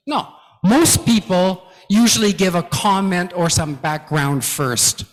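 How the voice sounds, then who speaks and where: Slow, emphatic male lecturer in a hall. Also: sits high, lively intonation. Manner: slow, emphatic teaching with frequent "okay?" checks. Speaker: guest lecturer. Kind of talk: lecture to academics. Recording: long hall reverb.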